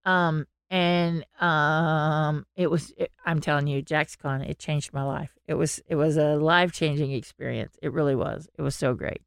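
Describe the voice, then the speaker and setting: A woman's voice: deep voice, normal speed, vocal fry, hardly any pauses, smooth, no room sound, studio quality. A woman podcast co-host, chatting casually and acting out the voices of people in her stories. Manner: animated storytelling, acting out quotes.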